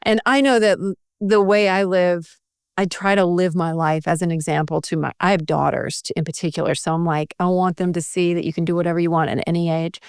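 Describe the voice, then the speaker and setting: Smooth-voiced woman podcast host. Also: on the low side, steady tone, fairly quick, no echo, studio quality. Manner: warm, affirming interviewer, asks questions. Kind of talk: conversational interview.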